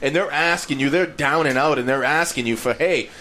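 Rambling, animated man with faint hiss. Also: fairly quick. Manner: animated, rambling, voice jumps high when indignant. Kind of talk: casual chat. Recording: faint background noise.

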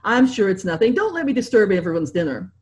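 Woman as a breezy young actress, light, lively pitch. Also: fast, close to an everyday voice.

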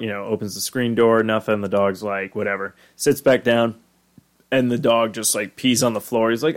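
A man's voice: fairly low pitch, steady tone, fairly quick. A man hosting a podcast and recapping an episode in a casual, rambling way, full of fillers. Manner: rambling, many fillers and restarts. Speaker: podcast host.

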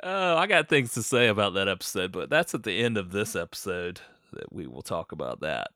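A man with a cold and a sore throat chats loosely as a podcast co-host, joking and laughing between lines. His voice sits low but cuts through brightly and forcefully. The sound is dry and close, with no room around it. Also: big pitch swings, a little fast, no room sound. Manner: joking, laughs often, sings off-key bits for fun. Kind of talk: casual chat.

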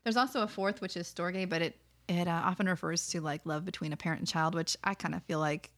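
Young woman cohosting a podcast, kinda low voice, rambles and restarts a lot. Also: steady tone, fast talker, a bit bright. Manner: rambling, restarts often, explains. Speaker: podcast co-host. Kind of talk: casual chat.

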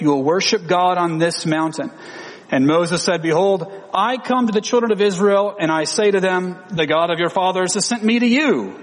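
Male preacher, voice a touch high, reads verses then explains them; long reverb tail on the recording. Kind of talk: sermon with scripture reading.

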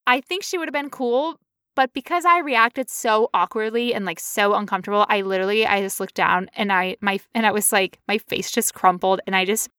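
A woman co-hosting a podcast, telling a story in casual chat with animated, playful quoted voices. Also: medium pitch, brisk, clean tone, no room sound, clean studio sound. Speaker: podcast co-host.

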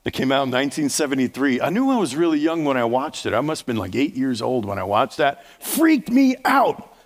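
Male pastor, 50s, mid-range voice, jokey conversational sermon with loud emphatic swells, heavy reverb of a big church hall. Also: mid-range voice, animated, fast. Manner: conversational preaching with teasing humor and surging emphasis.

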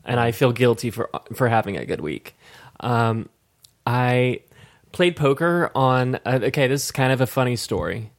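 A man chatting casually on a podcast with an average-pitched voice. He tells his stories in a rambling, profane way, stopping and restarting as he goes. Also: expressive, moderate pace. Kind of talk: casual chat.

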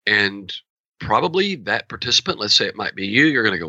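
A man, a horse trainer, explains his training approach with a forceful, bright, edgy voice and lively storytelling that slips into acted-out dialogue. The sound is dry and close, with a slightly muffled, lo-fi quality. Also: fairly low pitch, a little fast, no echo. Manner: animated storyteller who acts out quoted dialogue. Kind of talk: explaining training methods in conversation.

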